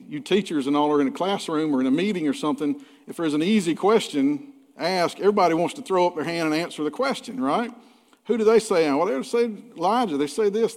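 Male guest preacher, earnest and conversational, higher voice, reverberant hall. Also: a little mellow. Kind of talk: sermon.

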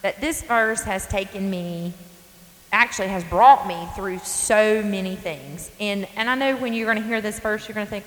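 With a medium-pitched, fairly bright voice at a moderate pace, a Southern-accented woman in her forties from North Carolina hosts her faith podcast on her front porch. Her style is earnest, folksy and emphatic, and the sound has long reverb with a faint hiss.

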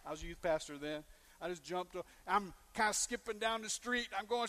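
A man preaching a sermon, telling a personal story and acting out the quoted lines with big swings in loudness. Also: high voice, animated, fairly quick, a little hiss or hum. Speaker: pastor.

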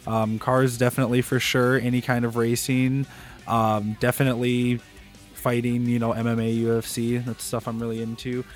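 Relaxed male co-host, mid-pitched, chatty and loose. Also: normal speed, faint music behind. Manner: easygoing, chatty, laughs often. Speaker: podcast co-host. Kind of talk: casual chat.

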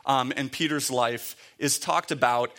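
A man's voice: mid-range voice, fairly even intonation, unhurried, sharp tone. A man giving a conversational sermon, reading scripture aloud and explaining it with frequent fillers. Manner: conversational, with many fillers and restarts. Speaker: preacher.

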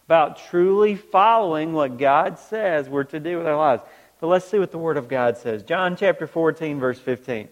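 A man's voice: fairly high pitch, moderate pace. A man preaching a sermon in a large church hall, throwing rhetorical questions back at the congregation. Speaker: pastor. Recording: long reverb of a large hall.

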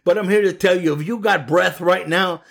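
Gravelly, emphatic male preacher. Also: high voice, normal speed, a bit bright. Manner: earnest, emphatic, rhetorical questions. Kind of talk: sermon.

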